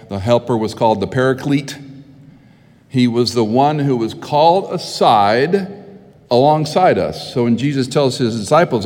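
In a hall full of long reverb, a middle-aged pastor delivers a sermon, starting with conversational stories and building to emphatic moments. His voice has a medium pitch and a slightly mellow tone.

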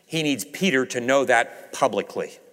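A man preaching a sermon, swinging from raised emphasis to hushed low passages and acting out quoted dialogue. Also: lively intonation, normal speed. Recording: reverberant hall.

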